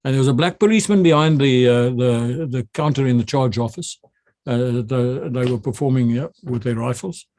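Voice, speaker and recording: A man's voice: medium pitch, normal speed, a little hiss or hum. Older South African man telling war stories. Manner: animated storyteller who acts out the orders he shouted. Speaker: retired army general. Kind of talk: recounting memories in a conversation.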